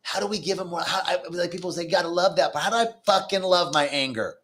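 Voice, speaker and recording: A man's voice: high-pitched, fast, a bit bright. Earnest man giving a spiritual talk. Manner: earnest, conversational, acts out inner voices with swearing. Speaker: spiritual teacher. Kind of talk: live-streamed spiritual talk.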